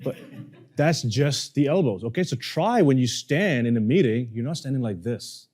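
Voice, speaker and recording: A man teaching a live workshop on speaking, animated and playful, joking with the audience. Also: mid-range voice, normal speed. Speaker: communication coach. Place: seminar room with audience.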